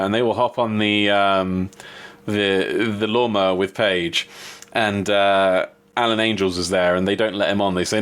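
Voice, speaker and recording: Animated man reviewing wrestling. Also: smooth. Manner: animated, laughs often, pitch jumps when amused. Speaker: podcast co-host. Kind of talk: casual wrestling review chat.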